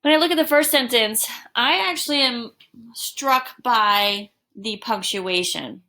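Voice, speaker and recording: Slow, deliberate woman teacher. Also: on the high side, sharp tone. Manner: deliberate, explaining with emphatic examples. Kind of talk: recorded distance-learning lesson. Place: home.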